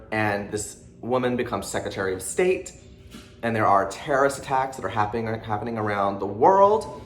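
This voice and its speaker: A chatty, excitable man rattles off a casual monthly book rundown at a fast clip, jittery and swearing freely. His voice sits at an ordinary middle pitch and echoes around the room, with a faint hum of noise behind him. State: jittery from pre-workout drink. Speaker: book channel host. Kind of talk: casual monthly reading wrap-up. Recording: roomy echo with faint background noise.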